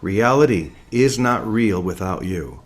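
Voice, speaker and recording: A man from Oregon giving a slow, deliberate spiritual talk to his community and repeating key phrases. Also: on the low side, animated. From Portland, Oregon, USA. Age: young adult. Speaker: spiritual teacher. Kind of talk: spiritual talk to an online group.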